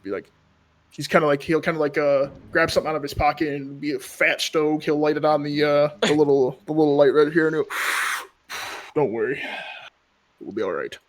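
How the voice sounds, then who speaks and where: A man's voice: fairly high pitch, flat delivery, quick pace. A man acting as game master, narrating a tabletop game casually with a lot of rambling and fillers.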